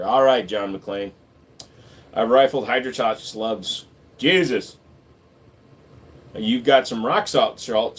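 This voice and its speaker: A man hosting a livestream, reading viewer questions aloud and answering them in an offhand, joking way. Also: medium pitch. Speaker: livestream host answering chat. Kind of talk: casual livestream chat.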